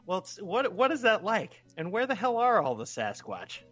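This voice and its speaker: Loud joking man swearing freely. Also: high-pitched, huge pitch swings, moderate pace, soft background music. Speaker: co-host. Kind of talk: casual comedic chat.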